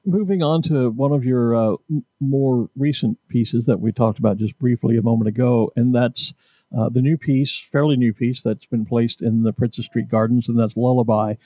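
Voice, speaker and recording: An American male host leads the conversation with calm, explanatory questions. His voice is mellow and warm, and the sound is dry and close. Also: mid-range voice, moderate pace, dry recording. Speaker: interviewer host. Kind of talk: conversational interview.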